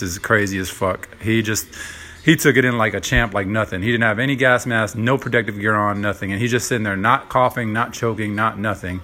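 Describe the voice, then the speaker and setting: A man's voice: lowish voice, bright, forceful tone. A young man hosting a casual solo podcast, rambling with lots of fillers and profanity. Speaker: podcast host.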